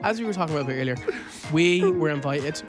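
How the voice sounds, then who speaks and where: A young Irish man co-hosting a podcast, telling a story in a loose, animated way with lots of fillers and quoted asides. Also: on the high side, quick pace, over music. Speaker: podcast co-host. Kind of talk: casual chat.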